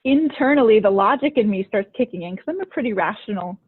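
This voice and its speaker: A woman's voice: medium pitch, expressive, fast talker, husky. A woman hosting a podcast and coaching, telling stories in a chatty way full of "like" fillers. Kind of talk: casual conversational storytelling. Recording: tinny phone-like line.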